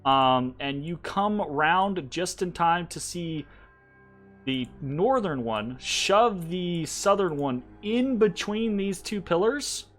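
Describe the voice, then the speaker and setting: Bright-voiced man running a tabletop game. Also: high voice, expressive, slow pace. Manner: casual, loose, with many fillers and tag questions. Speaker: game master. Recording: faint background music.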